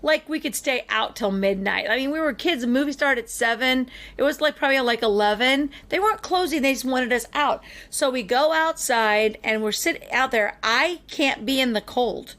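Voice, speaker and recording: A woman hosting a podcast, telling a long personal story in an animated, chatty way with frequent fillers. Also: high voice, normal speed, few pauses. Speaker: podcast co-host. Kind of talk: casual storytelling chat.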